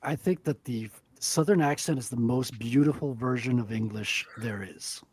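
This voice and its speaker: Man with a husky voice. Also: medium pitch, normal speed, darkish tone, no echo. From France. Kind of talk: casual chat.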